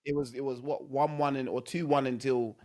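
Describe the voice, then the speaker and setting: A man co-hosting a podcast in casual chat, agreeing readily, laughing often and trying to calm things down. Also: mid-range voice, brisk. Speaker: podcast co-host.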